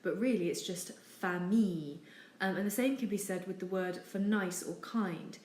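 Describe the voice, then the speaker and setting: Female teacher, mid pitch, steady and patient with ums; roomy echo. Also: normal speed. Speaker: French teacher. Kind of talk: explaining over slides. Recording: echoey room with faint noise.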